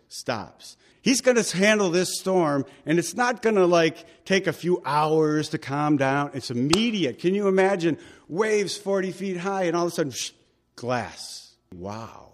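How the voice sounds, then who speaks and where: A man preaching a sermon, talking with the congregation through questions and acting out quoted lines with big swings in pitch and loudness. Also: very animated, moderate pace, few pauses. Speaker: pastor.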